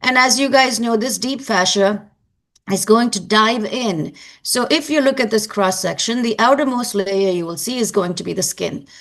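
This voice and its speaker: Woman lecturing anatomy, gravelly edge. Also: a little high, moderate pace. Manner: explanatory, repeats key points for emphasis.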